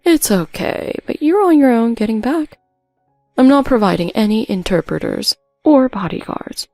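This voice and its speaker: Woman doing a brisk scolding sister, firm, a bit raised, gravelly low end. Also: expressive, warm tone, no room sound, soft background music. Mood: stern brisk. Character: stern, scheming older sister, brisk and unsympathetic.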